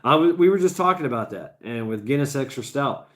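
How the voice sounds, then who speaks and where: A man in his forties hosts a late-night livestream in casual chat, rambling from one story to the next with plenty of swearing, laughs and repeated words. His voice sits at an ordinary middle pitch and he sounds tired after hours on air. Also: expressive, a little fast, fairly bright tone. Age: 40s. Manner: rambling, profane, laughs often, repeats himself. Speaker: livestream host.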